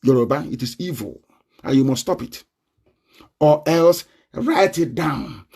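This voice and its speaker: A man with a Nigerian accent giving a combative live online broadcast, laughing often and breaking into shouts. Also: a little high, animated, a little slow, gravelly, slightly rough.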